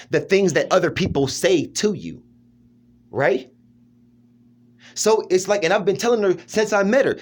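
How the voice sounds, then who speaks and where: A man talking in a rambling personal monologue, emphatic, restarting often and checking in with his listener. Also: a little high. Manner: emphatic, keeps asking "you know what I'm saying".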